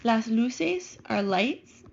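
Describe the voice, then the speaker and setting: Patient woman teaching vocabulary, gravelly. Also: on the high side, expressive, very slow, highs cut off. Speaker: Spanish teacher. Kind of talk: recorded classroom lesson over slides.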